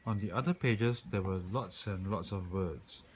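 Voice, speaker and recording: A man reading a children's picture book aloud in a calm, expressive way. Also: low-pitched, unhurried, slight background noise, poor audio. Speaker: storyteller.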